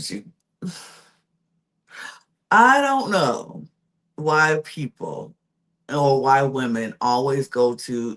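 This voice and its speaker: A young woman gives a casual recap of reality TV. Her pitch swoops up and down as she talks. She is sassy and animated, and she keeps slipping into the voices of the people she quotes. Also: slow. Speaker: podcast host recapping reality TV.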